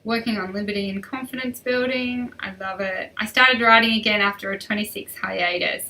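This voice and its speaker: A woman's voice: medium pitch, fairly even intonation, moderate pace, hardly any pauses, sharp tone, far from the mic, low-quality recording. A woman riding coach hosting a live stream, chatty and upbeat as she reads out and answers viewer questions.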